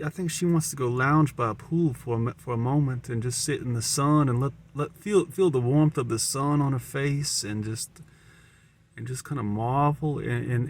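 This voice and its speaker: There's slight background noise as a medium-pitched man, a vlogger with a Southern American accent, muses aloud to camera. His monologue rambles in a stream-of-consciousness way, with words often repeated and restarted.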